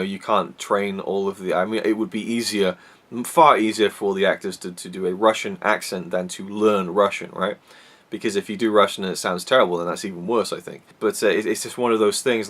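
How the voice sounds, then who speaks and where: A man's voice: fairly low pitch, fairly bright tone. A man giving a casual, rambling film review to camera, with many restarts and fillers. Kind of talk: casual solo movie review.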